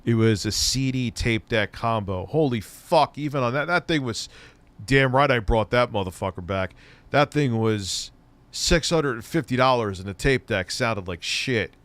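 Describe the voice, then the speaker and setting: A man streams from home, a tech commentator chatting bluntly and sarcastically with heavy swearing while a bit stoned. Being stoned has dropped his voice lower than usual. It's mid-range, animated and a bit bright at a moderate pace, with no room sound.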